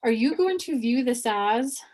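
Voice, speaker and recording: Animated woman giving a spiritual reading. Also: a little high, a little slow. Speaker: psychic medium giving readings.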